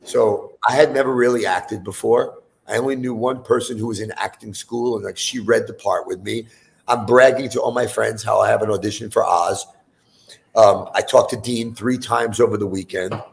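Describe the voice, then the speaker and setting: A man's voice: lowish voice, fairly even intonation, moderate pace, creaky. A man in his fifties, a musician guest on a chat show, telling a long story in a loose, profane way, full of fillers.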